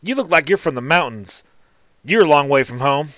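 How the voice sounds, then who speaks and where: A man's voice: a little high, animated, normal speed, fairly bright tone, no echo, studio quality, pitched above the performer's own voice. A man voicing a teasing female gnome armorer with a drawl. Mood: wry. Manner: drawling, calls people sugar.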